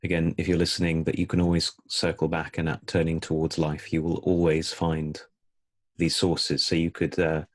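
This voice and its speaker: A man co-hosting a reflective talk, speaking in a measured, thoughtful, slightly hesitant way. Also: rumbling low, monotone. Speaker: podcast co-host. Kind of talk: casual conversation.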